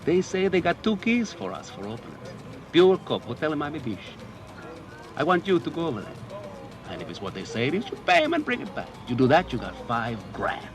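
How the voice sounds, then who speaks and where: An actor playing a male drug boss who gives brisk, commanding orders, in a film clip. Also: on the high side, huge pitch swings. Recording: film soundtrack clip with music.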